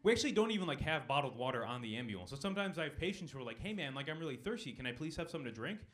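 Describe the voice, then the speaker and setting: A young man performing a stand-up comedy set on a club stage, delivering deadpan punchlines and talking with the crowd. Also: on the high side, rapid-fire.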